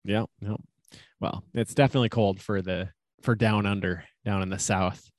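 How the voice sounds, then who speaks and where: A man's voice: lowish voice, steady tone, normal speed, dry recording. Laid-back Minnesotan man, dry close sound. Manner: laid-back, chuckling often. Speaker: podcast co-host, actuary. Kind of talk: casual chat. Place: home.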